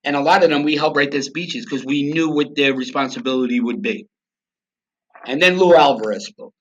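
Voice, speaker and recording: A man's voice: a little high, moderate pace, fairly bright tone, dull audio. A man from the United States, a podcast guest telling a story in blunt, profane, conversational style and acting out quoted dialogue.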